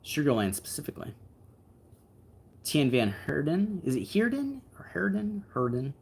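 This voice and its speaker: A man's voice: medium pitch, very animated, moderate pace, darkish tone, slightly rough. A man hosting a livestream, chatting casually with viewers and answering their comments in an easygoing, rambling way. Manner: easygoing, rambling, frequent fillers and asides. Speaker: livestream host.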